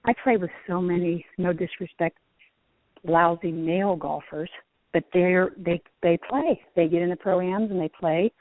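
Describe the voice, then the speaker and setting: A woman's voice: lowish voice, measured pace, dry recording. A middle-aged woman, once a tour golfer and now a teacher, talks over a tinny, dry phone line. She tells her stories with lots of energy and breaks into laughter often. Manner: lively, laughing while telling stories. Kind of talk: phone interview storytelling. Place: outdoors at a driving range.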